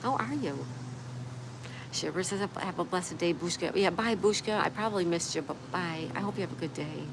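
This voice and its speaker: Reading viewer comments aloud and answering them, a woman hosts a relaxed livestream chat. Her voice is fairly low with vocal fry and a slightly fast pace, set against steady background noise and passing traffic.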